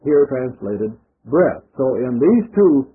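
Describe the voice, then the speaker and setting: A man preaching on the radio, reading scripture slowly and deliberately and explaining it to listeners. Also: mid-range voice, very animated, slightly rough. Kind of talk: radio Bible teaching. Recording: tinny phone-like old radio broadcast.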